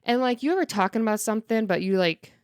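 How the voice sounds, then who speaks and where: Animated woman telling stories, dry close sound. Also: a little high, fast talker, smooth, no echo. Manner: animated storyteller, loud and laughing. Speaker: podcast co-host. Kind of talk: casual chat.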